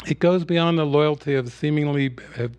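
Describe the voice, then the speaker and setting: A man giving a spiritual teaching talk at an online retreat, retelling a film scene in a relaxed storytelling way. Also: fairly high pitch, normal speed, smooth, dry recording, highs cut off.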